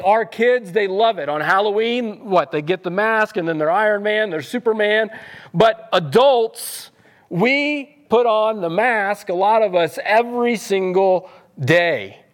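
A middle-aged man preaching a sermon as pastor, telling stories in a conversational, self-deprecating way with playful impressions. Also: high voice. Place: church sanctuary.

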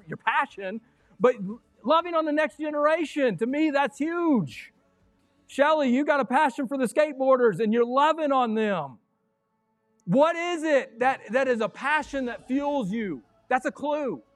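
Fired-up preaching pastor, high voice. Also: male voice, no echo. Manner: fiery, excitable preaching with sudden yells. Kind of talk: sermon. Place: church sanctuary.

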